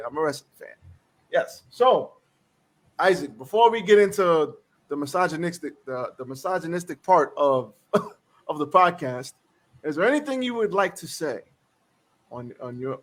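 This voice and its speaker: A man with a fairly high voice hosts a casual live-streamed podcast. He bounces between jokey banter with his co-host and quick shout-outs to viewers in the chat, getting loud when he teases.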